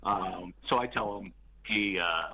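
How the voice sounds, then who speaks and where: A police officer guest on a radio talk show, telling his story matter-of-factly with dark humor. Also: low-pitched, slow pace, creaky, a little hiss or hum, low-quality recording.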